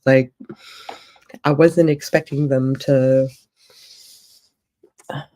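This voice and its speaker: A woman talks unhurriedly on a casual livestream, rambling as she thinks out loud. Her voice is mellow and relaxed, and she takes her time. She is speaking from a hotel room. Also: low voice, takes it slowly, long pauses. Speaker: author and streamer.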